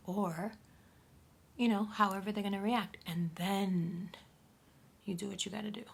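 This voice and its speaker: A woman giving a casual astrology reading to camera, blunt and profane, often talking in a soft half-whisper. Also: medium pitch, fairly even intonation, normal speed, vocal fry, husky. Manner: blunt and profane, addressing the viewer directly. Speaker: astrology reader.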